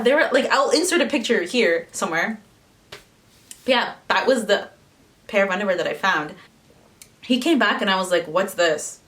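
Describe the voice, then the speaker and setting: A woman's voice: on the high side, fairly bright tone, recorded from a distance. A young woman telling a personal story in casual vlog chat, full of "like" fillers. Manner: chatty, lots of "like" fillers. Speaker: vlogger.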